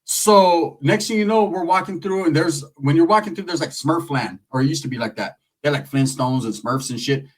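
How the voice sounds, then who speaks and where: Slightly high-voiced man from Northern California, crude comic storyteller, rambling and slangy. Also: moderate pace, few pauses, far from the mic, rough recording. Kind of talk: comedic storytelling.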